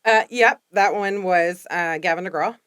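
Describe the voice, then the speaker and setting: Low-voiced woman with a mixed Southern accent. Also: moderate pace, a bit bright, smooth, dry recording, clean studio sound. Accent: mixed Texas and East Coast American. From Texas. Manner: rambling, many "you know" fillers. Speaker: podcast guest. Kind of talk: casual interview chat.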